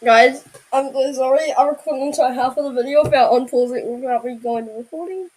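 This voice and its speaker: A woman's voice: sits high, quick pace, a little mellow, rough recording. A woman chatting casually to viewers as she reacts to a video, often apologizing in asides. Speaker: reaction vlogger.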